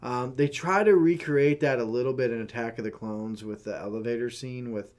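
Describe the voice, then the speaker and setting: A man's voice: mid-range voice, brisk, a little mellow. Rambling man in casual chat. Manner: rambling, filler-heavy, teasing. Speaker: podcast co-host.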